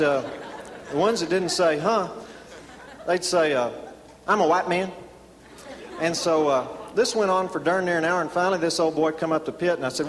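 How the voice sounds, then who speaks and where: Deadpan comedian on a live stage. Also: male voice, a little high, noisy background. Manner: deadpan folksy storyteller with filler "uh"s. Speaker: stand-up comedian. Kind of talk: drawling tall-tale stand-up storytelling. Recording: reverberant live hall, audience laughter.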